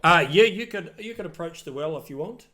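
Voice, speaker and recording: A man's voice: a little high, animated, brisk, pushed and bright. A man narrating a tabletop role-playing game as game master, hesitant, with many ums and restarts.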